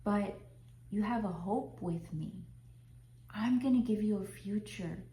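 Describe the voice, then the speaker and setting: A woman voicing God as a tender, loving heavenly father who speaks softly and consolingly, often half-whispering. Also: medium pitch, slow, close to an everyday voice. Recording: roomy echo.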